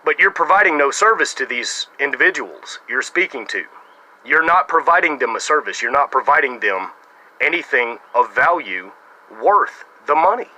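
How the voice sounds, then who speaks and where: A man's voice: mid-range voice, animated, moderate pace, sharp tone, low-quality recording. An American man making a casual response video to camera, with a sarcastic, mocking manner. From United States. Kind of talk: casual talking-to-camera monologue.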